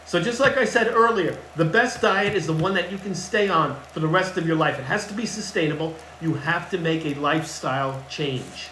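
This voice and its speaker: A man's voice: on the high side, moderate pace, hardly any pauses, bright, forceful tone, a little hiss or hum. A man working as a fitness coach gives casual advice to camera in a blunt, emphatic way and repeats his key points. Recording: echoey room with faint ambience.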